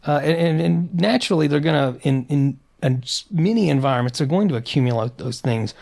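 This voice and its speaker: A man co-hosting a podcast, chatting in an animated, opinionated way with frequent restarts. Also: a little high, brisk, creaky. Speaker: podcast co-host. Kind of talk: casual podcast chat.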